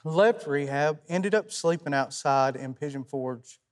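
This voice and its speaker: Soft-spoken East Tennessee man, halting. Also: fairly high pitch. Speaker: guest musician. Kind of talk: talk show interview.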